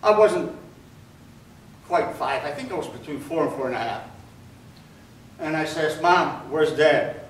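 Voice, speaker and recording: An older man giving a slow, deliberate spoken testimony to an audience, his voice sinking low and quiet at grave moments. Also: lively intonation. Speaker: Holocaust survivor speaker. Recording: echoey hall recorded from far off, faint noise.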